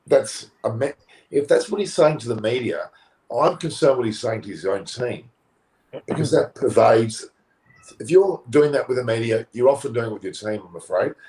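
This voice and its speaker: A man's voice: mid-range voice, rough recording. Indignant Australian man ranting. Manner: forceful, indignant, repeats words when heated. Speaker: cricket pundit. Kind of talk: post-match analysis panel.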